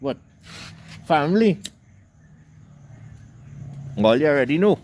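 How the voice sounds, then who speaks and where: Animated Trinidadian man telling a comic rant. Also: a little high, slow pace, slight background noise. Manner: animated, rambling, cussing dialect talk. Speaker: online commentator.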